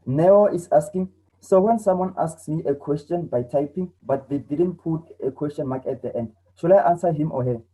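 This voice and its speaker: A man's voice: fairly high pitch, moderate pace, dark tone, rough recording. A man teaching an online English lesson, explaining patiently and repeating himself with a lot of "okay". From South Africa. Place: home.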